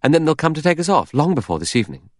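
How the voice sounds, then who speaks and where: A man's voice: on the high side, big pitch swings, racing, no echo, studio quality, pitched above the performer's own voice. A man voicing a frightened young woman stranded on an island in an audiobook, anxious and pleading.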